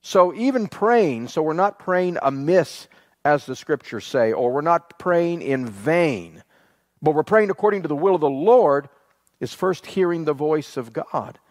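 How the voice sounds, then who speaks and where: A man with a fairly high voice preaches an earnest sermon, quoting scripture and stretching out key phrases for weight. His voice rings with a long hall reverb. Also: animated, a little slow.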